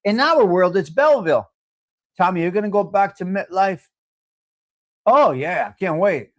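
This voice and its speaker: A man's voice: sits high, expressive, moderate pace, a bit bright. A middle-aged man, hosting a live coffee chat stream and talking bluntly to viewers, joking and swearing freely.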